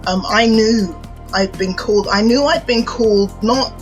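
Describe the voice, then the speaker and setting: A woman's voice: on the high side, a little slow, soft background music, low-quality recording. A British woman minister from England, telling her story reflectively as an interview guest.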